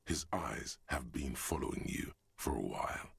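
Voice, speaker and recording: A man voicing a grave male narrator's inner voice in a video game, measured and gravelly. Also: very deep voice, expressive, a bit bright, no echo, full character voice. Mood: calm.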